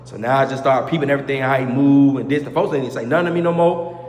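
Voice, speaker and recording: A man's voice: mid-range voice, very fast. A man telling a casual storytime, full of street slang and repeated oaths, acting out the heated parts. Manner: animated, acts out heated quotes. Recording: echoey room with long reverb.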